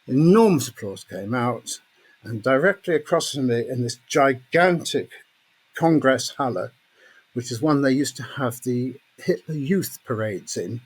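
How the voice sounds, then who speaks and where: An older man, a podcast guest telling anecdotes in a lively way, laughing often and acting out what others said. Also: mid-range voice, measured pace, husky. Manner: lively raconteur, laughs often, acts out quotes. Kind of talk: anecdotal storytelling.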